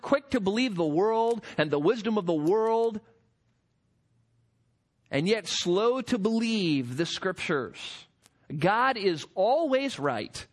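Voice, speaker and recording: A man preaching a sermon, emphatic and building to forceful peaks. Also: high-pitched. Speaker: pastor.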